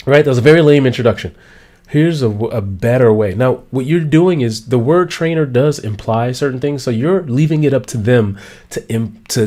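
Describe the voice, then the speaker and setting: Male coach, mellow tone, very animated delivery, acts out mini-dialogues. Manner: energetic, acts out both sides of conversations in a higher voice. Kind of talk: motivational talk with acted examples.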